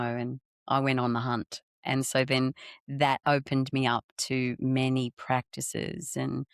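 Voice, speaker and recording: Deep-voiced middle-aged woman on a podcast, earnest and expressive, dry close sound. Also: gravelly, no room sound. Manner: expressive, earnest, halting with restarts. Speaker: podcast guest. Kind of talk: reflective personal storytelling in conversation.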